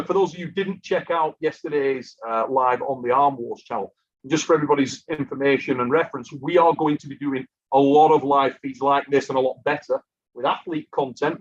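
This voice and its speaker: A man hosting a casual live stream, chatty and worn out from lack of sleep, reading out viewer messages. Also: fairly high pitch. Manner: chatty, reads out super chats. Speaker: host of an armwrestling live stream. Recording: muffled lo-fi live stream audio.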